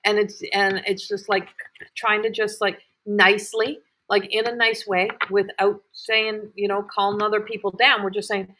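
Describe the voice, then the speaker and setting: A woman's voice: medium pitch, little pitch movement, normal speed, bright, forceful tone. Rambling woman giving readings. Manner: rambling and repetitive, many fillers and restarts. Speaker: intuitive reader hosting live readings. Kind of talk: live-streamed psychic reading.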